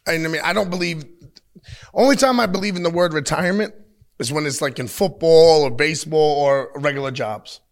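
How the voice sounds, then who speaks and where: A man in his thirties, a wrestler giving an interview, talking bluntly and with lots of swearing as he tells animated stories. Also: on the high side, brisk. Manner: blunt, profane, animated storytelling. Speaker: pro wrestler, interview guest. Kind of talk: casual interview talk. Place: at a wrestling show taping.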